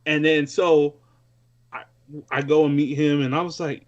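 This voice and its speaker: A man's voice: fairly high pitch, fairly even intonation, normal speed. A man from Newark, California, guesting on a podcast by remote call, telling stories in a laid-back, slangy way. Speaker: guest music producer. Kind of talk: casual podcast chat. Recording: muffled lo-fi call-in audio.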